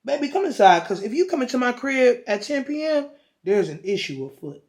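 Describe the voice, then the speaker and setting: A woman's voice: fairly high pitch, big pitch swings, a little fast, darkish tone, pitched above the performer's own voice. A woman voicing a blunt elderly woman therapist, about eighty, who talks frank and slangy. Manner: bold, slangy, matter-of-fact.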